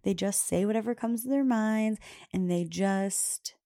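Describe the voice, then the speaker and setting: Chatty mom with a gravelly, mellow voice. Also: female voice, medium pitch, measured pace. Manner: chatty, quotes her daughter in a raised voice. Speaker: podcast host. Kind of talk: casual storytelling monologue.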